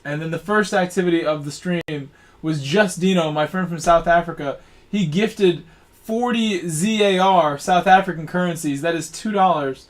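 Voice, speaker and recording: A man's voice: fairly high pitch, moderate pace. Friendly man streamer reading viewer names. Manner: reads out long lists of viewer names; casual, friendly thanks. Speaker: racing game streamer. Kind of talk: live stream chat, thanking supporters.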